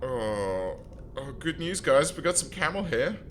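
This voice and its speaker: A man's voice: mid-range voice, big pitch swings, measured pace, faint music behind. A man streaming a strategy game, chatting casually and joking as he talks to his viewers and to his in-game characters. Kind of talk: casual let's-play commentary.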